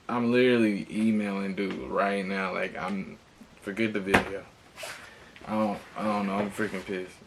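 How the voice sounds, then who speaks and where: Young male vlogger, annoyed and swearing, with a low gravelly voice. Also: a little hiss or hum. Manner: frustrated, ranting, repeats himself, swears. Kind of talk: casual unboxing rant.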